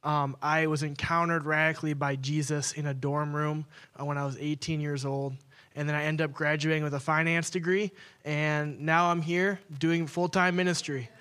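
A man's voice: fairly high pitch, level tone, normal speed, a bit bright, smooth. A man in his twenties, a pastor, giving a casual sermon with playful storytelling asides. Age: 20s.

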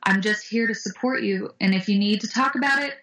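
A woman guest with a brisk, mid-range voice discusses anti-bullying tools with real animation, performing the kids' voices as she tells her stories in interview answers. The audio quality is rough.

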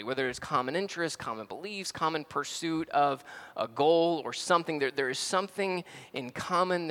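A man's voice: a little high, pushed and bright. Pastor man preaching casually. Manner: casual storytelling with fillers. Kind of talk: sermon.

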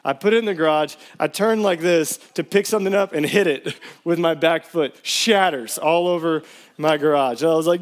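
Animated male pastor, higher voice. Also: brisk. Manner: storytelling, animated, casual slang. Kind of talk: sermon with personal stories.

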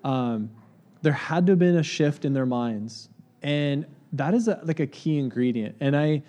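A man's voice: fairly high pitch, expressive, a little slow, dark tone. A man in his thirties preaching a sermon as a pastor, telling a story in a chatty, self-mocking way with many fillers.

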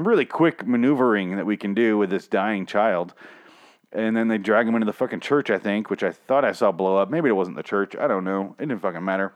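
A young man giving a casual, profane episode recap, rambling and sarcastic, often mocking characters in quick put-on voices. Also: mid-range voice, expressive.

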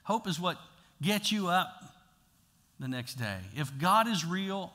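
A pastor preaching a sermon in a casual, talky way, swinging from loud to hushed. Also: male voice, high voice, lively intonation, takes it slowly. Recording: long hall reverb.

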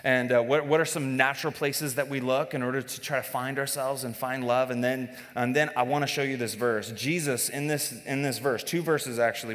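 Joking pastor in a reverberant hall. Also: male voice, mid-range voice, fairly bright tone. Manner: conversational and joking, with filler restarts. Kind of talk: sermon. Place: church service.

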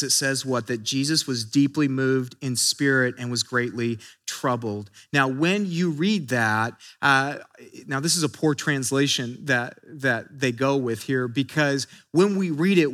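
A man's voice: medium pitch, a bit bright. A man preaching a sermon in an earnest way, often repeating words as he builds emphasis. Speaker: pastor.

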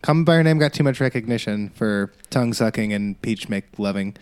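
A man's voice: on the low side, lively intonation, fairly quick, clear, resonant tone. A man co-hosting a casual film podcast, making dry, wry jokes. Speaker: podcast co-host. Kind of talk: casual chat.

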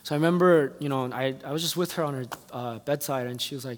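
A man's voice: medium pitch, quick pace. A man preaching a sermon as pastor, telling a personal story in an earnest way and pressing his church with heartfelt appeals. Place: church sanctuary. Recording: long reverb of a hall.

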